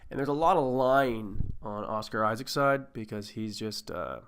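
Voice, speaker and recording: Rambling, joking podcast host. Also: male voice, lowish voice, normal speed, a bit bright, smooth. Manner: rambling, swearing, jokey asides. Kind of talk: casual movie-review chat.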